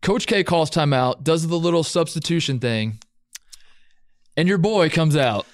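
A man's voice: a little high, animated, unhurried, no room sound, studio quality. A man co-hosting a podcast, telling stories in a playful, laughing casual sports chat. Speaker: podcast co-host.

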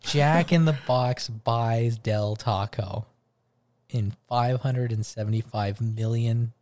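A man's voice: mid-range voice, slow pace, a little mellow. A man co-hosting a podcast, chatting casually and teasing with jokes. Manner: jokey, teasing, keeps slipping into voices. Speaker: podcast co-host.

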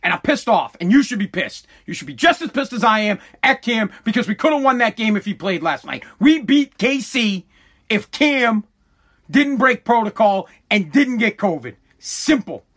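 A high-pitched man rants through his livestream podcast. His voice is bright and forceful, and he runs heated and profane, looping back over the same words. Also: big pitch swings, moderate pace. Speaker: podcast host. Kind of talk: casual livestream podcast rant.

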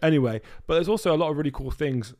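A young English man, a podcast co-host, telling stories in casual chat, animated and full of swearing. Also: on the high side, rapid-fire. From England.

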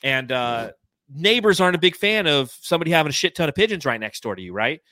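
A man's voice: a little high, very animated, quick pace, pushed and bright, no echo. A man in his thirties from California, hosting a podcast and telling rambling, self-mocking childhood stories full of fillers. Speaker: podcast host. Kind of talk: casual storytelling chat.

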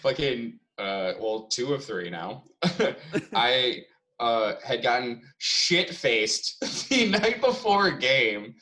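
A man's voice: medium pitch, sing-song, takes it slowly, sharp tone, low-quality recording. Young man telling stories with laughs. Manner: swearing, laughing storyteller. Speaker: podcast co-host. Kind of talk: casual chat.

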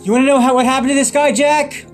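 A man's voice: very high voice, fairly even intonation, quick pace, soft background music, voice pushed up. A man doing an impression of a madcap male clown villain from a film, with a showy, mocking, sing-song delivery.

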